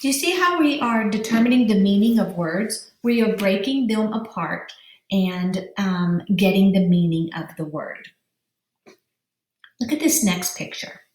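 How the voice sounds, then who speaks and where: Woman teacher, slow careful delivery, drawn-out syllables, roomy echo. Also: mid-range voice, darkish tone. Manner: slow, drawn-out syllables, spelling letters aloud. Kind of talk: vocabulary lesson for young children.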